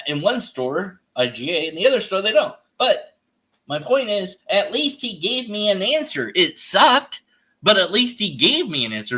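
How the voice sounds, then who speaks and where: A man's voice: fairly high pitch, pushed and bright. A man commenting on an online debate exchange, exasperated and ranting, acting out little scenes with quoted voices. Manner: exasperated, ranting, acts out store clerks in quotes. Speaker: atheist commentary streamer. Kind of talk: reading and reacting to a debate exchange.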